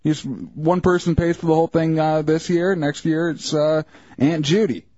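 A man's voice: on the high side, fairly even intonation, moderate pace, darkish tone, dry recording, dull audio. A man co-hosting a radio show, firing teasing questions and jokes in casual banter. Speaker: radio co-host.

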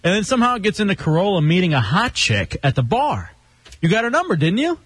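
Guy hosting a radio show, ribbing his buddies, kinda high voice. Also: very animated, fast talker, a bit bright, breathy edge, no echo. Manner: teasing, storytelling. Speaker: radio host. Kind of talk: radio banter.

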